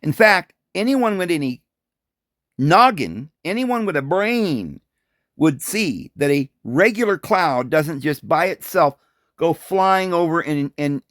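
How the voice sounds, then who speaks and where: Animated high-voiced man teaching scripture. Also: no echo, studio quality. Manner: animated, full of rhetorical questions and quick chuckles. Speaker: Bible teacher. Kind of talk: informal Bible commentary.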